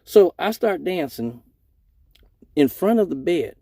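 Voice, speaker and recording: A man's voice: on the high side, very animated, slow pace, mellow, no echo. A young man telling a profane story casually, acting out other people's voices along the way.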